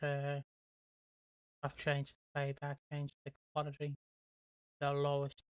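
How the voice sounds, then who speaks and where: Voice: medium pitch, fairly bright tone, clean tone, dry recording. A British livestream host chatting casually while watching a show, muttering to himself and swearing offhandedly. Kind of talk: casual live-watch commentary.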